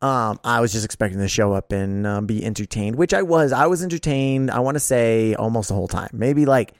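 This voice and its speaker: A man's voice: medium pitch, expressive, a little fast, no room sound, clean studio sound. A man co-hosting a podcast in casual chat, rambling with many restarts, laughing often and swearing now and then. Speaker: podcast co-host.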